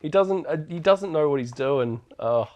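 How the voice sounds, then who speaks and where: A relaxed man co-hosts a podcast, retelling a film's plot in loose, slangy chat. His voice rises and falls a lot, and he laughs easily as he talks. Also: a little high, moderate pace, dull audio. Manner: laid-back, slangy, laughs often. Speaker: podcast co-host. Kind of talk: casual chat recapping a film.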